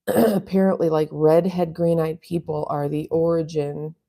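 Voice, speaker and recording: Mellow-voiced woman chatting on a live stream. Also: deep voice, little pitch movement, measured pace, creaky. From US West Coast. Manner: rambling, chatty, laughs often. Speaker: livestream host reading chat. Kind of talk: casual live chat.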